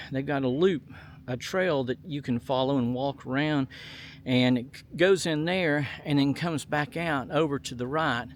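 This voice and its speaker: A man's voice: mid-range voice, slight background noise. Folksy man touring outdoors. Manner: folksy, reads plaques aloud with fillers and apologizes for slips. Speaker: vlogger touring historic sites. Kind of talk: casual outdoor tour narration. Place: outdoors at a memorial site on a hot day.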